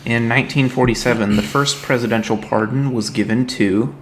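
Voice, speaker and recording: A man's voice: mid-range voice, steady tone, a little fast, a little hiss or hum. A man co-hosting a casual podcast, reading out trivia questions in a dry, teasing way. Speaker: co-host and trivia quizmaster.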